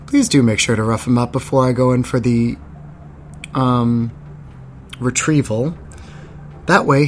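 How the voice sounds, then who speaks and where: A man narrating and acting in an audio drama, calm, reassuring and in charge. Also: medium pitch, slight background noise. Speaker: co-narrator and lead character.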